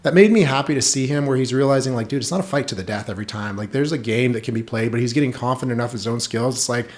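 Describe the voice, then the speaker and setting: A man talking as a podcast guest in casual chat, telling lively stories and saying "like" a lot. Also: medium pitch, very fast. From United States. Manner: animated storytelling, heavy use of "like".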